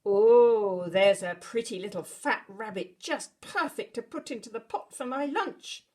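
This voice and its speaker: Storybook villain: greedy mean old man, gloating and loud, as a woman reading aloud plays him. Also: medium pitch, measured pace, close to an everyday voice.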